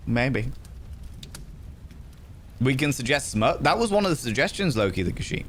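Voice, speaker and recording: A young male livestream host chats casually, greeting viewers by name and reading their comments out loud. He has a medium-pitched, fairly bright voice with big pitch swings and a moderate pace. The recording has a little hiss or hum.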